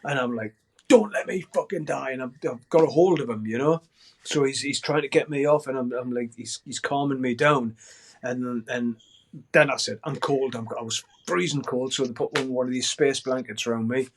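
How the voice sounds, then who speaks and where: An older man recounting a story as a podcast guest. He talks in an animated way, swears freely and shouts out the lines he quotes. His voice sits at an everyday middle pitch. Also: moderate pace. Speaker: guest musician.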